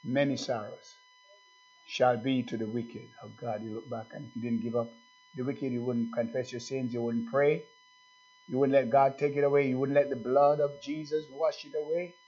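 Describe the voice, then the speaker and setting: A man's voice: mid-range voice, level tone, fairly quick, mellow, husky. A man preaching a sermon, emphatic and repetitive, calling out to his congregation with questions. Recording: dull lo-fi recording.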